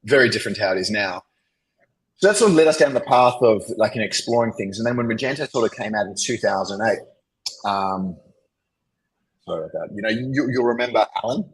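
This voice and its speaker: A man's voice: fairly low pitch, expressive, fairly quick, a little hiss or hum, rough recording. An Australian man telling business anecdotes as a podcast guest, rambling along with lots of "you know" and "like". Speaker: podcast guest, agency founder. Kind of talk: casual interview storytelling.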